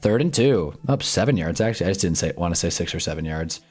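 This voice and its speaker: A young man casually reacting to live football games on a stream, swinging from low muttering to excited yelling at big plays. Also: fast, breathy edge, faint music behind. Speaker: sports streamer. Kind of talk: live football watch-along commentary. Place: home streaming room with green screen.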